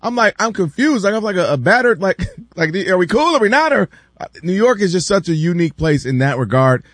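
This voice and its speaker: Sports radio dude, excitable, pitch swings a lot, dry booth sound. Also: male voice, no room sound. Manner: excitable, quick riffs and mimicry. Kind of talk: casual sports talk.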